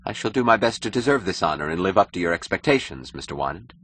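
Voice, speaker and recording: A man's voice: sits low, very animated, fast talker, fairly bright tone, a little hiss or hum. A man voicing an ambitious young male architect who talks eagerly and stammers when flustered in an audiobook.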